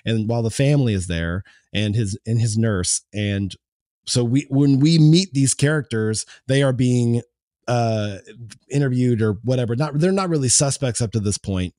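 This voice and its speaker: A man's voice: medium pitch, normal speed, warm tone, no echo, studio quality. A man co-hosting a film podcast, chatting casually and rambling with many fillers and restarts. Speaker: podcast co-host.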